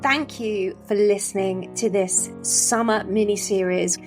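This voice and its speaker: A woman's voice: medium pitch, fairly even intonation, unhurried, over music. A woman from England with a British accent, hosting a podcast, upbeat and encouraging. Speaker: podcast host. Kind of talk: interview hosting and scripted outro.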